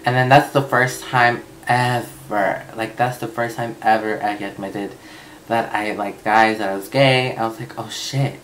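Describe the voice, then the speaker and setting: A man's voice: lowish voice, steady tone, measured pace, fairly bright tone, a little hiss or hum, rough recording. A young man vlogging, telling a personal story in a casual, chatty way with lots of fillers and swearing.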